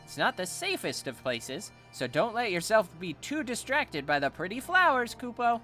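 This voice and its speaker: Guy doing a squeaky moogle alchemist, fussy and braggy, big sing-song swings. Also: very animated, moderate pace, pushed and bright, faint music behind, heavily acted. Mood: flustered, bossy.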